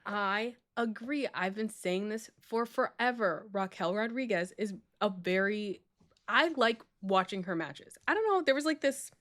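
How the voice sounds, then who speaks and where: A woman's voice: medium pitch, expressive, unhurried, a bit bright. A woman co-hosting a live stream in casual chat, talkative, laughing often and mock-stern with her co-host.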